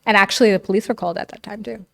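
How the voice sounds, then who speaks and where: A woman's voice: medium pitch, steady tone, racing, vocal fry. A woman guest on a podcast, telling her story candidly and at length, often saying "like" and acting out what people said. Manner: talkative, heavy use of "like", acts out quoted dialogue.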